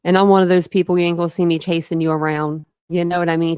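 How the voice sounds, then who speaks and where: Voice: mid-range voice, little pitch movement, quick pace, a little mellow, clear, resonant tone, no room sound, clean studio sound. A true crime channel host chatting casually on a live stream, reading out viewer comments and reacting to them.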